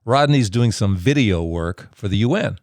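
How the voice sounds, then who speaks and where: A man with a fairly low voice narrates in an even, measured way, like a host. He also asks the guest questions. The sound is dry and close, with no room echo. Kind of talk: scripted narration and interviewing.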